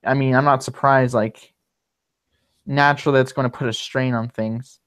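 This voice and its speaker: Rambling man with a smooth voice. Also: medium pitch, steady tone, moderate pace, fairly bright tone. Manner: rambling, many fillers and restarts. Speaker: livestream host. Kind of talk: casual livestream chat.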